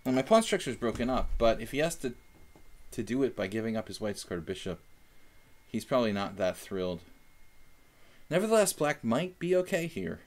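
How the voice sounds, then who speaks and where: A man's voice: medium pitch, sing-song, moderate pace. A young man chatting casually while analyzing chess moves on a live stream, thinking aloud with fillers.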